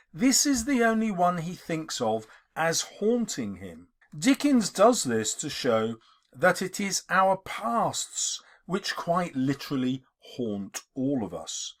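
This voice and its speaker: A male English teacher giving a literature lesson, explaining in an emphatic, expressive way. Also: a little high, takes it slowly.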